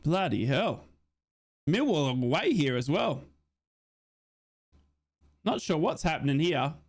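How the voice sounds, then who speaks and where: This streamer and football fan takes it slowly while commentating live during a watch-along, yet he stays excitable. In the big moments his voice shoots up, and he reads out viewer comments and answers them.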